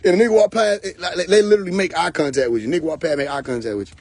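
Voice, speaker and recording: A man with a slightly high, a little mellow, husky voice talks very fast, telling comic stories on a live stream and acting out both sides of the dialogue. The livestream host laughs often, and his phone recording has no echo.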